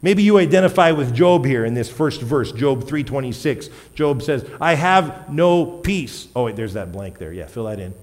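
Conversational pastor in a reverberant church hall. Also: male voice, medium pitch, expressive, normal speed, few pauses, a little mellow. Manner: conversational, asks the congregation questions, self-correcting with light laughs. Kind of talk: sermon.

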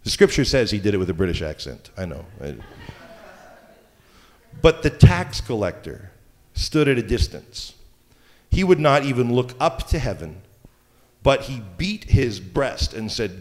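Joking preacher in a reverberant hall. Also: male voice, lowish voice, big pitch swings, measured pace, a little mellow. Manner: conversational, joking asides. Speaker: pastor. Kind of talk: sermon.

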